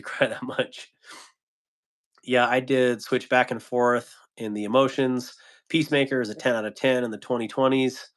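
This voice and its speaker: A man's voice: mid-range voice, fairly bright tone. A man hosting a casual livestream, reading viewer comments aloud with frequent chuckles and trailing ums. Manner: laid-back, chuckles often, trails off with ums. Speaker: livestream host reading chat. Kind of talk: casual live chat.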